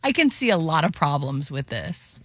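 A woman co-hosting a radio talk show, chatting with animated, laughing asides. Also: low voice, moderate pace, dry recording, studio quality. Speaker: radio co-host.

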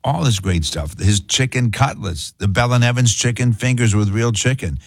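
A man's voice: medium pitch, moderate pace, breathy edge. A man hosting a talk radio show, speaking emphatically with rhetorical questions.

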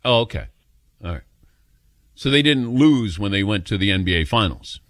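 Lively, animated male radio host. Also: on the low side, moderate pace, no echo, studio quality. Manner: animated anecdote-telling, mimics voices in quotes. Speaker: radio sports talk host. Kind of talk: casual radio storytelling.

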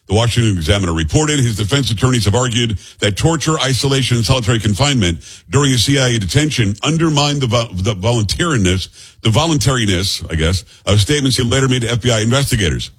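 A man's voice: mid-range voice, expressive, fast, slightly rough. A man hosting a talk show, giving blunt, heated commentary on the news and sometimes stumbling over names. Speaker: host.

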